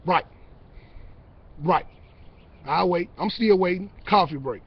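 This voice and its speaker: A man's voice: high voice, slow, slightly rough. A man who is a battle rapper, vlogging a brash, boastful, profane trash-talk monologue to camera. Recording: dull lo-fi sound.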